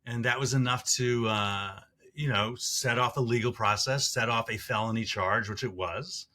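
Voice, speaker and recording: A man speaking as a podcast guest in casual interview talk, halting and reflective with many fillers. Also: medium pitch, pushed and bright.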